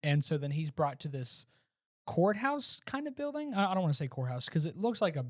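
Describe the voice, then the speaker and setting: A man's voice: a little high, a little fast, no room sound. Dry-voiced man retelling a film scene. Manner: animated retelling with restarts. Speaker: podcast co-host. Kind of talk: casual movie review chat.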